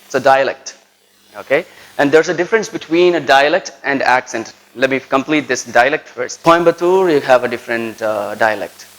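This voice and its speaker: Indian-accented male lecturer, mid-pitched, teaches a class and checks in with a steady "right?". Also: normal speed, low-quality recording. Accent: Indian English. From Tirunelveli, South India. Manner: tags nearly every sentence with a checking "right?". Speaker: college lecturer.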